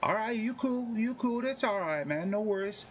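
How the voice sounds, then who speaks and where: Guy doing a laid-back street hustler, voice pitched up. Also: lively intonation, moderate pace, lo-fi sound, a little hiss or hum. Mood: easygoing. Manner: friendly, easygoing street slang. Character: smooth-talking male street gang member.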